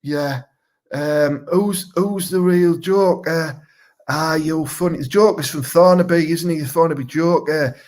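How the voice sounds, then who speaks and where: Speaking a little slowly in a fairly high, mellow and natural voice, a Teesside man performs a comic character: a crude, bragging would-be local superhero. He rambles and curses throughout a live comedy Q&A.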